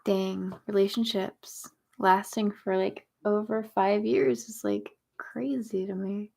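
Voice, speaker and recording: A woman's voice: mid-range voice, lively intonation, slow pace, gravelly, dark tone. Chatty young woman on a livestream. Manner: chatty, talks baby talk to her cat. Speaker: livestream host. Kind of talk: casual livestream chat.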